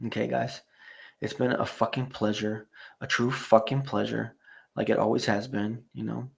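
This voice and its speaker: A low-pitched man with a gravelly voice, talking loosely and rambling through a live stream sign-off. He curses freely and leans on "you know" as he reads out chat messages. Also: flat delivery, normal speed. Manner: rambling, profane, many "you know" fillers.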